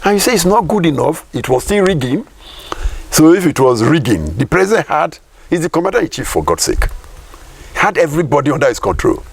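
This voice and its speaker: Emphatic Nigerian man, husky and gravelly. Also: on the high side, very animated, fairly quick, dry recording. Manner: emphatic, repeats points, rhetorical questions. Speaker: professor and political commentator. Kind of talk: political interview.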